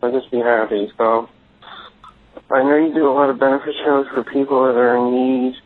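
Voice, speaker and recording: A man's voice: mid-range voice, steady tone, normal speed. A male caller leaving a rambling, stumbling, pleading voicemail. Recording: muffled phone voicemail.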